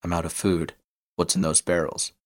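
A man's voice: low-pitched, flat delivery, moderate pace, lightly acted. A man reading aloud and voicing a plain-spoken, wary frontier lawman. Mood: blunt.

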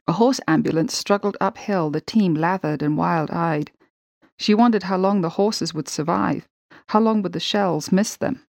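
A woman narrating a war story in a steady, measured way. Her voice sits fairly low, and the recording is close and dry with no room sound. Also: vocal fry, no room sound. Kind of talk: audiobook narration.

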